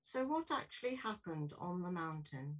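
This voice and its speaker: A woman preaching a sermon in a church in a clear, explanatory way. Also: fairly low pitch, sing-song, moderate pace, distant mic, low-quality recording.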